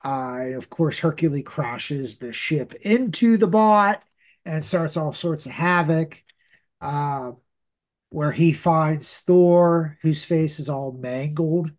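Slow, rambling man recapping a comic. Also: a little high. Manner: rambling, many fillers and restarts. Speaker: podcast host. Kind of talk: casual comic book recap.

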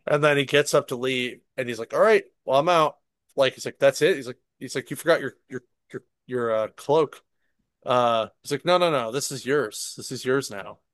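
A man in casual podcast chat, retelling a show in an animated way and swearing freely. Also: medium pitch, normal speed, no echo. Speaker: podcast co-host.

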